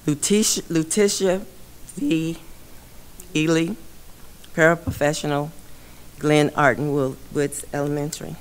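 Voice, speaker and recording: A woman chairing a school board meeting, reading a memorial list slowly and solemnly, becoming emotional. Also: deep voice, steady tone. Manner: slow, solemn reading of names. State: emotional, voice breaking. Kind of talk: formal meeting proceedings.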